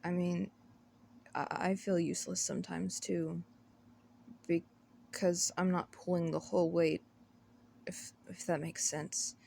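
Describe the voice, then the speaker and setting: A woman voicing a shy, gentle androgynous elf companion in a whispered role-play, hesitant and stammering, often apologizing. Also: fairly low pitch, level tone, measured pace, vocal fry, long pauses, slight background noise. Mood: tender.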